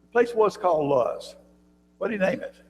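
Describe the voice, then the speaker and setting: A man teaching a church Bible class, talking conversationally, often quizzing his listeners with questions and clearing his throat, recorded in a church room with long reverb and a faint hum. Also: high-pitched, lively intonation, normal speed, darkish tone. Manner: frequent throat clearing and restarts.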